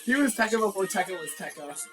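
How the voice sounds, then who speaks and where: A man's voice: high voice, lively intonation, fast talker, over music. A man co-hosting a podcast in casual chat, wry and a bit puzzled. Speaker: podcast co-host.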